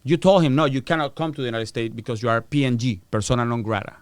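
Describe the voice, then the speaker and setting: A man's voice: medium pitch, fast talker, clear, resonant tone, dry recording. A middle-aged man, a podcast guest, telling a story in a casual, profane way, acting out the voices of people he quotes. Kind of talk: storytelling interview.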